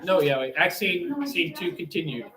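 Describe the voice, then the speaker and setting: A young man streaming, chatting and reading aloud with wry, deadpan commentary. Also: fairly high pitch, moderate pace. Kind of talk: casual live-stream chat. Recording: echoey room with crowd noise.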